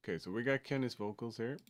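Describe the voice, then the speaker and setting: A man from Sweden, a music producer talking casually on a livestream, hesitant and full of fillers and restarts. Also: mid-range voice.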